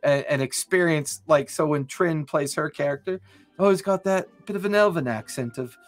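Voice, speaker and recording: Man, podcast host, rambling and eager, slightly raised pitch, faint music behind. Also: normal speed. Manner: rambling, enthusiastic, many restarts. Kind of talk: casual chat.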